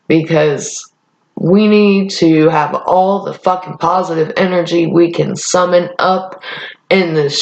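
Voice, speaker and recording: A young woman vlogger rambling in a casual chat, blunt and profane. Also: low-pitched. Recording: echoey room, dull lo-fi sound.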